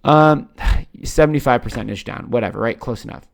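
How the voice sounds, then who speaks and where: A man's voice: medium pitch, fast, darkish tone. A man with a Canadian accent hosting a crypto channel, talking casually over his screen and tagging "right?" onto nearly every point. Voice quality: gravelly. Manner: chatty, says "right?" constantly, swears casually. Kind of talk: casual screen-share commentary.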